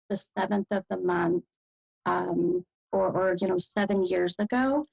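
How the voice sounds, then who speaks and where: An American woman with a gravelly, fry-tinged voice gives a psychic medium reading, full of ums and pauses. The sound is dull and lo-fi. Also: medium pitch. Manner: hesitant, lots of fillers, animated bursts of delight.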